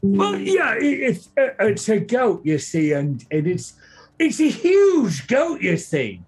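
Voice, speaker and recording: A man puts on a bumbling monster hunter's voice, pushed far up in pitch. The hunter rambles and hesitates, tripping over each word. Faint music plays behind him. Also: wildly swooping pitch, takes it slowly, a little mellow, exaggerated voice. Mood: rambling. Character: bumbling male bugbear and minotaur hunters.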